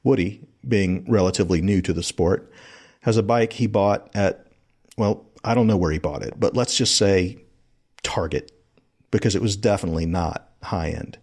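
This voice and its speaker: A man with a low voice narrates a podcast in a relaxed, storytelling way. He is from South Carolina and talks to listeners as if recounting a trip with friends. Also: moderate pace, slightly rough. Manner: conversational storytelling. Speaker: podcast host.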